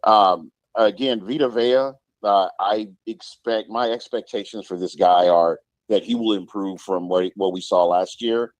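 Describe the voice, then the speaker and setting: Earnest, halting male sports show guest. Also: on the low side, no echo, rough recording. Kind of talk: casual sports talk.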